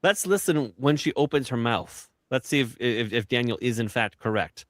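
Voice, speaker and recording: A man's voice: mid-range voice, normal speed, no echo. A man hosting a crude casual chat show, hesitant and self-deprecating, often stammering over his words. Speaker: show host.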